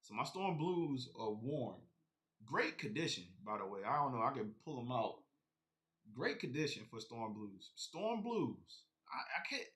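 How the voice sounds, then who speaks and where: A man's voice: mid-range voice, very animated, unhurried, fairly bright tone. A man chatting casually on a live stream about his sneaker collection, rambling and talking straight to his viewers.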